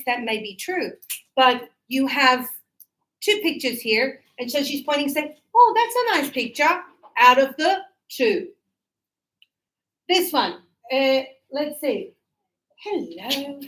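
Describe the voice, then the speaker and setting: A woman's voice: sits high, fairly bright tone, low-quality recording. A woman teaching English grammar to a class, chatty and checking in with her students often.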